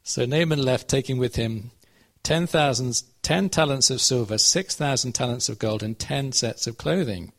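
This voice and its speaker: Speaking at a moderate pace with few pauses, a man with a medium-pitched voice preaches in a conversational style. He retells a Bible story and checks in with his listeners by asking them questions.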